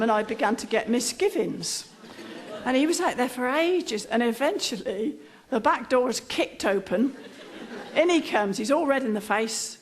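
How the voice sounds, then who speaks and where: High-voiced woman telling a funny story. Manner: dry, self-mocking, conversational storytelling. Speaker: comic storyteller. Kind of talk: humorous anecdote told on stage.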